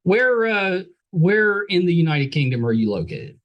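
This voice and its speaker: A man's voice: high-pitched, very animated, a little slow, muffled recording. A man with a West Virginia accent hosting a podcast interview, enthusiastic and jokey, often repeating his words. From West Virginia, USA. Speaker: podcast host. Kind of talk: casual interview chat.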